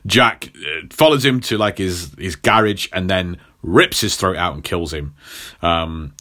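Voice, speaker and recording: A man's voice: low voice, measured pace, sharp tone. A man recapping a story in a rambling, playful way for a podcast. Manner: rambling, playful, many ums. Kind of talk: comic plot recap.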